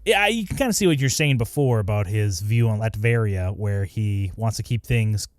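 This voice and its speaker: A young man co-hosting a casual chat, relaxed and rambling with many fillers. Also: lowish voice, normal speed, no echo, clean studio sound. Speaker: podcast co-host. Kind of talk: casual comic book discussion.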